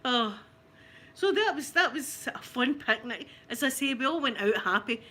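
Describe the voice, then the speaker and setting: Scottish woman, high bright voice, swoops up and down, chatty anecdote, laughs a lot. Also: moderate pace. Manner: animated, laughs often, dialect grammar. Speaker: ASMR channel host telling a family story. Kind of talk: casual storytelling.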